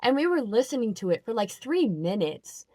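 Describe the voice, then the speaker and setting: A young woman vents on camera about an encounter. Her voice sits a little high, and she talks in a quick, filler-heavy, exasperated way. The recording is close and dry with no room sound. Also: sing-song, warm tone, no echo. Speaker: vlogger. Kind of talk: casual storytelling rant.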